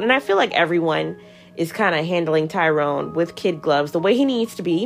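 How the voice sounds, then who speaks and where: A woman hosts a casual recap podcast with a slightly low voice. She talks in a chatty, animated way and laughs often. Faint music plays underneath. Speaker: podcast host reviewing a reality show.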